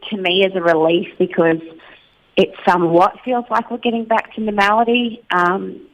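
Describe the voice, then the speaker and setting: A woman's voice: medium pitch, steady tone, moderate pace, lo-fi sound. A woman from Australia with a slightly Americanized Australian accent, chatting casually as an interview guest and laughing often. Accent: Australian, partly Americanized. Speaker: country singer guest.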